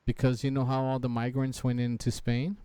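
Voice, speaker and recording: A man from Canada hosting a casual podcast chat, reacting to clips in a crude, profane and animated way. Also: mid-range voice, a little fast, clear, resonant tone, no echo. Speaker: podcast host.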